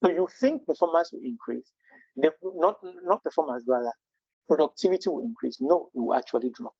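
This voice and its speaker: A man's voice: fairly high pitch, lively intonation, brisk, slightly rough, no room sound, lo-fi sound. A man leading a live training webinar, earnest and full of rhetorical questions, often restarting his sentences. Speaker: Scrum trainer.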